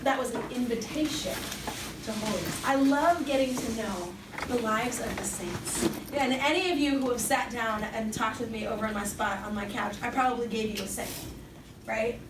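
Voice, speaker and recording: Woman preaching to youth, high voice, chatty and jokey, roomy echo. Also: moderate pace. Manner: casual, joking, chatty preaching. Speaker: speaker at a Catholic youth summer program. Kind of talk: faith talk to young people. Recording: echoey room, distant mic, background noise.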